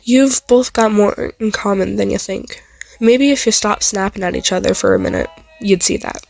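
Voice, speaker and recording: A huge, kindly groundskeeper who calms things down, as a woman reads him in a loose rustic accent. He sounds gentle and encouraging, with a gravelly texture. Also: medium pitch, moderate pace, lightly acted.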